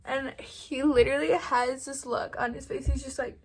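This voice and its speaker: A woman's voice: sits high, fairly even intonation, moderate pace, darkish tone. A young woman vlogger telling a storytime to her camera, rambling casually with constant "like" and frequent swearing. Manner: rambling, heavy use of "like" and swearing.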